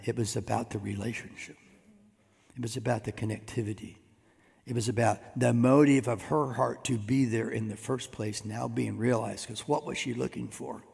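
A man preaching a sermon as pastor, swinging between hushed asides and loud emphatic bursts. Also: mid-range voice, vocal fry, slightly rough. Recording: long reverb of a church hall.

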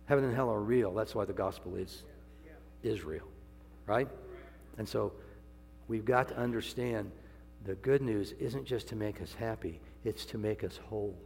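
Older man, sermon, gravelly voice, jokey asides, sudden loud peaks, hall echo. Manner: folksy, joking, swings from low asides to loud high exclamations. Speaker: preacher. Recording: long hall reverb, faint hum.

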